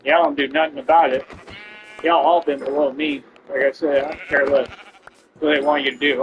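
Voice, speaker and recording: In a flat, mid-range delivery at a moderate pace, a Texan man rants at his viewers while gaming, boasting and confronting them. The dull, lo-fi stream recording has a noisy background.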